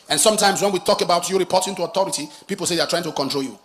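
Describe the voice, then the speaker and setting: A man preaching a sermon, telling a cautionary story with dramatic rises and drops in loudness. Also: high-pitched, very fast, hardly any pauses, slight background noise. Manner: dramatic storyteller, rises to loud emphatic peaks. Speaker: pastor.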